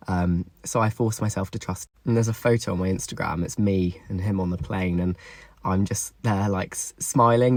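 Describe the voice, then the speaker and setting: Young man, husky voice, lowish pitch, candid confessional storytelling, dry recording. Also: dry recording. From England. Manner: emotional, swearing, confessional.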